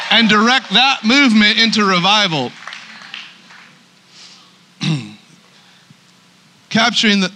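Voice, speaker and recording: High, bright-voiced male pastor preaching. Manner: emphatic, repeats words when starting sentences. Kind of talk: sermon.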